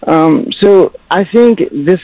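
A man's voice: high-pitched, animated, slow, no echo. A man calling into a radio show, confidently lecturing and giving dating advice, often repeating himself. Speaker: radio caller. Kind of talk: casual call-in advice. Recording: muffled phone line.

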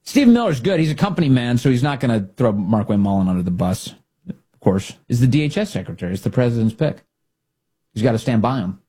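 A man hosting talk radio with a husky, slightly rough voice that swings widely in pitch. He comments with strong opinions and slips into mocking high-voiced impressions. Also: fast talker. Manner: animated, mocking, mimics people in exaggerated high voices. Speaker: radio talk show host.

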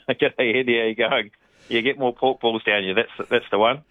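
A man's voice: medium pitch, steady tone, a little slow, dry recording, soft background music. A man with a New Zealand accent, a pork industry representative talking casually on the phone in a rambling way with many ums. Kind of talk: radio phone interview. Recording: tinny phone line.

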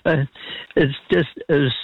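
A man calling in to a radio show, speaking in a polite, halting way with many fillers. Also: fairly high pitch, steady tone, vocal fry, husky, no echo. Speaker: caller. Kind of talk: phone-in conversation. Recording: tinny phone line.

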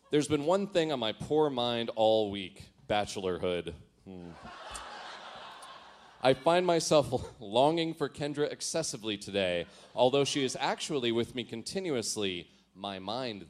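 A man's voice: medium pitch, animated, normal speed. A man giving a comic reading of his teenage diary. He mocks his own writing and laughs at himself as he goes. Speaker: storyteller.

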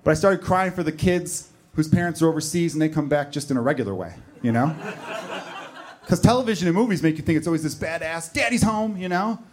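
A man's voice: a little high, animated, quick pace, a little hiss or hum. A man in his thirties performing a stand-up comedy set on a club stage, telling stories in a conversational, self-deprecating way.

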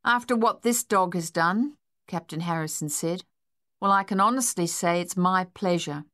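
A woman's voice: on the low side, moderate pace, fairly bright tone, no echo, studio quality, close to an everyday voice. A woman voicing a kindly American army captain. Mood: reassuring.

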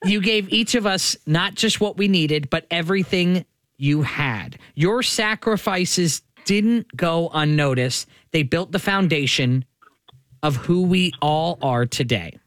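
A male radio host reads a heartfelt letter on air, slow and earnest. His voice sits a little high for a man. The studio sound is close and dry, with no room around it. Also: fairly bright tone, dry recording.

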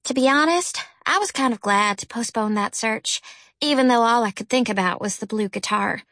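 A woman narrates a story in a gentle, storytelling manner, her voice sitting a little high. The recording is close and dry, with no room sound around her. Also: moderate pace, no room sound. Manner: gentle storytelling, lifts pitch for characters' lines. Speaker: audiobook narrator. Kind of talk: scripted narration.

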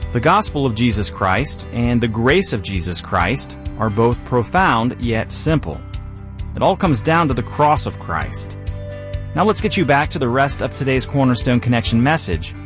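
A man reading a scripted announcement for a sermon program in a smooth, measured way. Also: mid-range voice.

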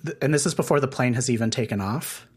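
Interviewer, mid pitch, inquisitive and probing, casual conversational delivery. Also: fast talker, a little mellow, breathy edge. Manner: curious, probing follow-up questions.

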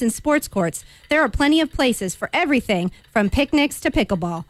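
Woman, high voice, brisk timed promo read, bright and rushed, dry close mic. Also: no echo. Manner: brisk, bright, rushing against the clock. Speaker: parks department executive director, guest.

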